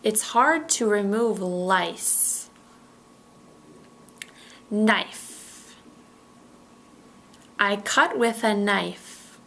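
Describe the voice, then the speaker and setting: A woman leads a pronunciation drill at a very unhurried pace. She says each word slowly and clearly, then says it again. A gravelly edge sits under her mid-range voice. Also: mid-range voice, fairly bright tone. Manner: models words carefully, repeating each one. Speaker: pronunciation teacher. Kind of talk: slow, deliberate pronunciation drill.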